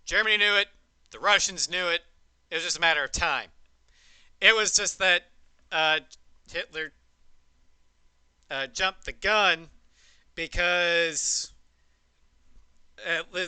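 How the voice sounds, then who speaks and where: A man's voice: fairly high pitch, slow, pauses often, sharp tone, clean tone, no room sound. A man streaming a game, chatting casually and musing on history with rambling asides and fillers. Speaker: livestreamer. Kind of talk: casual chat while gaming.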